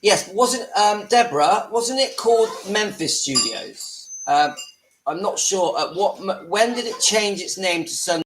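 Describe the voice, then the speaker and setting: A man's voice: high-pitched, animated, unhurried, a little hiss or hum, poor audio. A man hosting a casual live stream from his home, chatting to viewers and breaking off to deal with his family. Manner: chatty, talks to viewers, breaks off to hush children. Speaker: livestream host.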